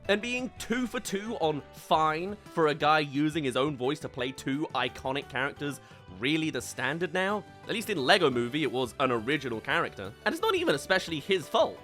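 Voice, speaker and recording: A man's voice: a little high, bright, forceful tone. A young man giving a comedic, sarcastic film review commentary. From United Kingdom. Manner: sarcastic and wry.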